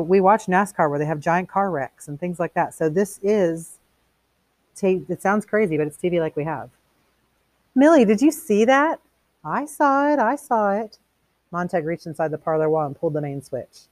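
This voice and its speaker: A woman's voice: low voice, darkish tone, no room sound. Woman reading aloud and explaining. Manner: reads plainly, stops to explain in casual asides. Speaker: teacher reading a novel aloud. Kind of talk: read-aloud with commentary.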